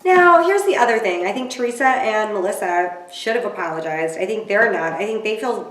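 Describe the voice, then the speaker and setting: A woman's voice: mid-range voice, animated, fairly quick, a bit bright. Female vlogger recapping reality TV; casual and exclamatory, with wry asides; mid-range voice with a roomy echo. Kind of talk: casual commentary to camera.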